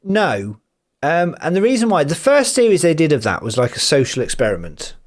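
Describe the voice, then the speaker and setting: A man's voice: fairly high pitch, huge pitch swings, a little fast. A man co-hosting a podcast in a casual chat, teasing his friend and mimicking other people's voices for laughs. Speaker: podcast co-host.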